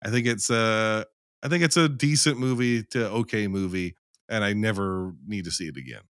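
Animated, swearing man reviewing a movie. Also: on the low side, moderate pace, no echo, clean studio sound. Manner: animated, profane, acts out scenes in quotes. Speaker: podcast co-host. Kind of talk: casual film discussion.

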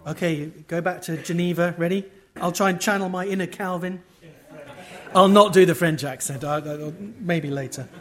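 A man preaching an expository sermon at a conference, emphatic, with wide swings in loudness and wry asides to the audience. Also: sits high, fairly even intonation, normal speed.

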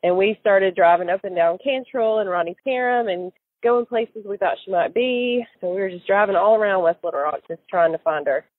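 Woman interviewee, halting and filler-heavy, thin phone-line sound, dry. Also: mid-range voice, no room sound. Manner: hesitant, many fillers and restarts. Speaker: interviewee recalling events. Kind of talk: casual recorded interview.

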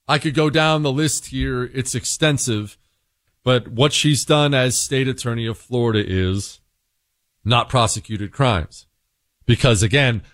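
A male talk radio host speaks bluntly and emphatically, with a sarcastic edge. His voice sits at an ordinary middle pitch. The close studio mic sounds dry, with no room around it. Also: expressive, unhurried, fairly bright tone, dry recording. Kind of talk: opinionated talk radio monologue.

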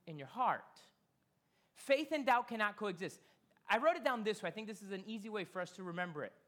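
A man giving a sermon as pastor in a church, talking casually and slowing down to stress key phrases. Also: high-pitched, lively intonation, fairly bright tone. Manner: conversational, emphatic preaching with slowed key phrases. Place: church sanctuary.

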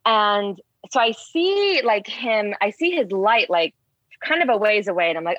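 A woman's voice: medium pitch, measured pace, dry recording. Chatty woman telling a story, dull dry sound. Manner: rambling with many "like" fillers, animated retelling. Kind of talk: casual storytelling.

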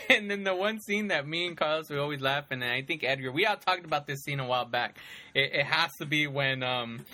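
A man hosting a casual chat about movies, telling scenes in an animated way with lots of fillers and frequent laughter. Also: fairly high pitch, normal speed. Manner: animated storytelling, many fillers, laughs often.

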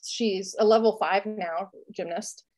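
A woman's voice: medium pitch, steady tone, measured pace, a little mellow. A woman in her thirties chatting casually as a podcast co-host, full of fillers and frequent laughter. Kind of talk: casual chat.

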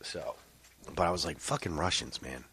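A man's voice: a bass voice, normal speed, slight background noise. A man co-hosting a podcast in casual chat, ranting with lots of swearing. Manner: profane, animated ranting. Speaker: podcast co-host. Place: podcast studio.

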